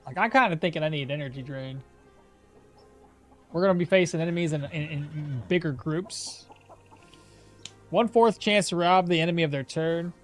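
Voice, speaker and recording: A man's voice: a little high, moderate pace, long pauses, soft background music. A man streaming a game, chatting with his viewers, thinking aloud and laughing often. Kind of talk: casual live-stream commentary.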